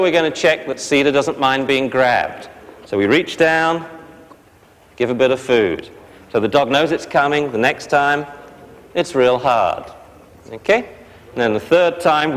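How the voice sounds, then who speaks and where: A man teaching a dog training class, explaining briskly and barking short sharp commands at the dogs. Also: mid-range voice. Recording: long hall reverb.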